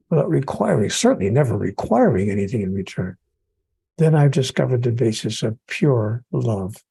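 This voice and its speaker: A man's voice: mid-range voice, gravelly, mellow, husky, no room sound, low-quality recording. A man who is an author and podcast guest, speaking earnestly about spirituality and building his points through repetition.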